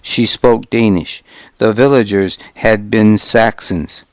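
A man reads a first-person historical tale with a slow, deliberate pace. His voice sits somewhat low and is smooth and clear. It is recorded close and dry, with no room sound. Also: no room sound. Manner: measured, steady storytelling. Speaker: audiobook narrator. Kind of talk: first-person scripted narration.

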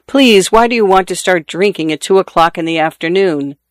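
A man reading a short story aloud and voicing a gentle, patient wife who pleads softly. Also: high voice, a little fast, dry recording, studio quality, lightly acted. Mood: gentle pleading.

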